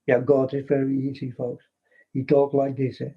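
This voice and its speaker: Dutch-accented man, flat slow preacher-like vlogger, husky, dull lo-fi sound, repeats himself. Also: medium pitch. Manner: repetitive, keeps addressing his folks, broken English. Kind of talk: rambling spiritual monologue. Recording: dull lo-fi recording.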